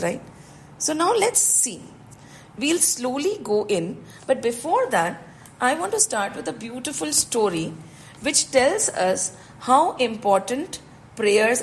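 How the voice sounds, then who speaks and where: Woman spiritual teacher, explanatory, gravelly fry, slightly high voice. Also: a little hiss or hum, poor audio. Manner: explanatory, asks rhetorical questions. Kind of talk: scripture lesson with storytelling.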